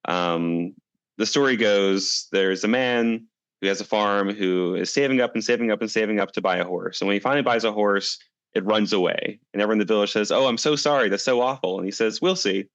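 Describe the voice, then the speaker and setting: A man's voice: fairly low pitch, fairly even intonation, brisk, fairly bright tone, clean tone, no room sound, lo-fi sound. A man being interviewed as a guest, talking in a thoughtful, reflective way and telling stories as he answers. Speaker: guest, climate coalition director.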